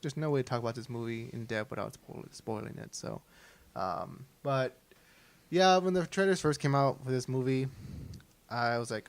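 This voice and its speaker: A man's voice: medium pitch, animated, gravelly. A young man co-hosting a podcast, chatting loosely and laughing as he talks. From South Texas. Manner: laughing, loose and chatty, reads plugs off quickly. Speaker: podcast co-host. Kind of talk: casual chat.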